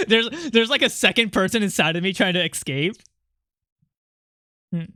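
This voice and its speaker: Using a voice changer, a streamer chats casually with viewers while gaming, getting excited, rambling, laughing a lot and responding to chat. The voice is mid-range and a bit slow, recorded dry with studio quality.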